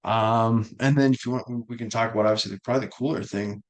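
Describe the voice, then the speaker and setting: A man from Minnesota co-hosting a golf podcast, easygoing and agreeable in casual chat, often trailing off quietly. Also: fairly low pitch, steady tone, fast talker. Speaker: podcast co-host.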